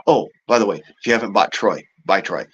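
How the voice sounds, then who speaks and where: A man's voice: lowish voice, brisk, a bit bright, slightly rough, highs cut off. A man ranting casually and profanely to his audience, exasperated and often laughing at himself. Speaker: show host.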